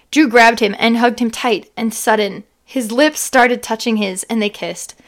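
Higher-voiced woman co-host, reads fan fiction aloud, giggles and rereads lines. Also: a bit bright. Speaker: podcast co-host.

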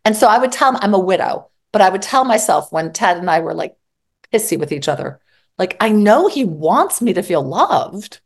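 A woman's voice: mid-range voice, very animated, normal speed. Woman, middle-aged therapist, candid, blunt, acts out arguments, conversational. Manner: candid, mildly profane, acts out dialogue. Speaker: psychologist and therapist guest. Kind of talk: conversational advice.

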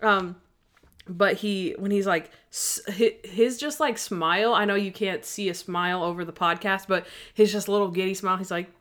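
A woman chatting as a podcast co-host, lively and quick, slipping into little acted quotes as she talks. Her pitch sits in an ordinary middle range, neither high nor low. It is relaxed, casual talk. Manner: animated, quotes characters in quick bursts. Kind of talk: casual chat.

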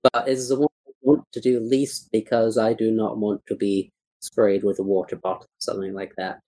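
A man playing a tabletop game, talking in character as a cat-like adventurer in a slow, deliberate, mock-formal way. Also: on the low side, little pitch movement, mellow, rough recording.

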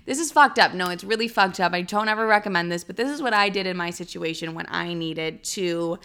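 A young woman hosting a podcast who tells a story in a casual, animated way, swearing freely. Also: a little fast, clean tone. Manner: animated, crude, swears freely, acts out quotes in a high voice.

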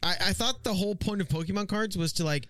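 A male podcast co-host with a high, fairly bright voice talks quickly, with no echo in the recording. In a laid-back, profane casual chat, he talks about his childhood hobbies.

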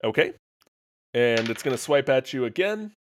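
A man's voice: mid-range voice, very animated, slight background noise. A man narrating a tabletop game as game master, casual and often stumbling over his words. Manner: halting, casual, self-correcting.

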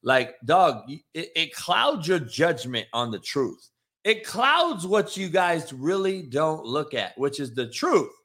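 Speaking slowly in a highish, very animated voice, a sports talk host delivers an opinion rant. He curses, picks fights and mocks, shifting from loud outbursts to hushed moments.

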